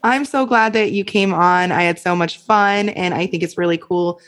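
A woman's voice: lowish voice, moderate pace, fairly bright tone, faint music behind. A woman hosting a podcast, playfully quizzing her guest in casual chat. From Canada. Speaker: podcast host.

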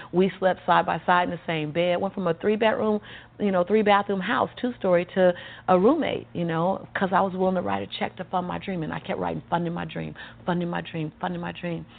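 A woman guest telling her life story in a lively, motivational way, acting out the dialogue and laughing often. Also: lowish voice, fast, vocal fry. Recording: tinny phone-like sound with faint music.

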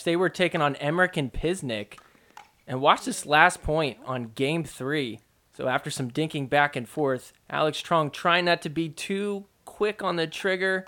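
Chatty man narrating sports highlights. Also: a bit bright. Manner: chatty play-by-play narration over match footage. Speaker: podcast host. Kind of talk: casual sports recap commentary.

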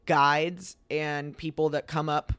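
A young man recounts a story in a loose, chatty way, slipping into the voices he quotes. His voice is smooth and clear and sits a little high. It is recorded close and dry, with no room sound. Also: slow, dry recording. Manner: animated retelling that acts out quoted lines, lots of fillers. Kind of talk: casual storytelling chat.

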